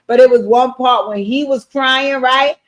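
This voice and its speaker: A woman giving a casual recap of a TV episode, animated and blunt, swearing freely and talking straight to her viewers. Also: sits high, measured pace. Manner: animated, blunt and profane, addressing viewers directly. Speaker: TV show recap streamer. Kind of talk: casual show recap commentary.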